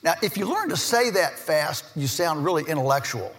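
A middle-aged farmer from Virginia giving a lively conference speech, an animated storyteller who slips in jokey asides. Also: male voice, a little high, moderate pace. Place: large conference hall. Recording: echoey hall with long reverb.

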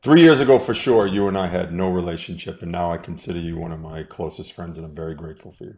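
Lower-voiced man from Boston with a thick local accent, emphatic and blunt. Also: fast, a little mellow. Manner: blunt, profane, emphatic ranting. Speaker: podcast guest. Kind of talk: casual podcast chat.

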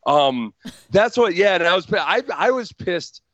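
A man's voice: high-pitched, lively intonation, unhurried, fairly bright tone, no echo, lo-fi sound. A male guest chatting casually, chuckling, self-deprecating and rambling. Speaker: guest, radio host. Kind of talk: casual podcast chat.

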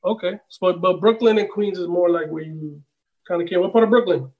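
A man co-hosting a casual podcast over a video call, asking laid-back, halting questions. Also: high-pitched, phone-quality sound. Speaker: podcast co-host. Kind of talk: casual chat. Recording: distant video-call mic.

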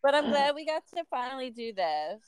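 A woman's voice: high voice, sing-song, brisk, crowd noise. An American woman hosting a podcast, chatting casually and enthusiastically with frequent laughs and fillers. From United States. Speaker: podcast host. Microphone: remote call recording.

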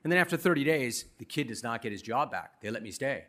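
A middle-aged man from Los Angeles giving a commencement speech, telling his story in a punchy, self-deprecating, animated way. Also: mid-range voice, fast. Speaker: commencement speaker. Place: university commencement ceremony.

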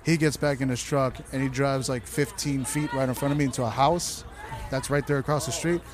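A man's voice: medium pitch, fairly quick, a crowd in the background. A man in casual conversation, telling loose, profane stories about wild nights. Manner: loose, profane, animated anecdotes. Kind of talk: casual chat, storytelling.

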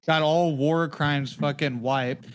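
Podcast host, male, profane storyteller, a little high-pitched. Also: steady tone, takes it slowly, clear, resonant tone. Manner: profane, rambling, laughs often. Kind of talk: casual podcast chat.

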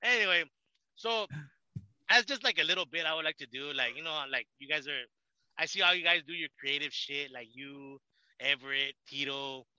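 A man's voice: a little high, normal speed, pushed and bright, clear, resonant tone, no echo, lo-fi sound. A man chatting casually on a podcast, laid-back, laughing often and swearing freely. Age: adult with a child. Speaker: podcast guest. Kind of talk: casual chat.

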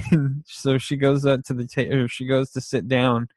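A man's voice: medium pitch, level tone, moderate pace, darkish tone, no echo. A young man chatting casually about favorite TV shows, rambling and laughing often as he acts out scenes.

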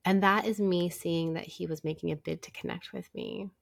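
A middle-aged woman psychologist, a podcast guest, telling stories in a warm conversational way and acting out bits of dialogue. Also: fairly low pitch, moderate pace, gravelly, no echo, clean studio sound. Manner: animated storyteller, acts out dialogue.

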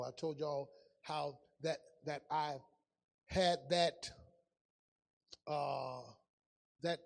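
A high-pitched male pastor preaches in a relaxed, storytelling way, shifting from loud bursts to near murmurs. His voice rings out in a big room with a long echo trailing behind it. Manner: conversational preaching, swings between loud and hushed. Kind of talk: sermon.

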